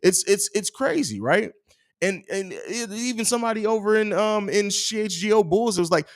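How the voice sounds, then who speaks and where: A man's voice: high-pitched, fairly quick. Slangy young man hosting a fan stream. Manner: slangy, animated, reads comments aloud. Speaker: host of a fan live stream. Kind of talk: casual live-stream chat.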